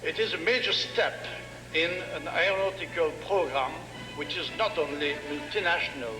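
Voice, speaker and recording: Give me a man giving a measured formal speech in a big echoing hall, bright and fairly high. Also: over music. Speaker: official giving a ceremonial speech. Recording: echoey hall with long reverb.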